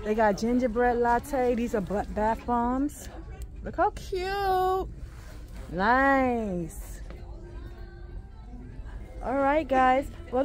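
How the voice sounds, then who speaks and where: A woman filming a casual shopping vlog in a home goods store, gushing and excitable as she talks to her viewers. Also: on the high side. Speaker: vlogger.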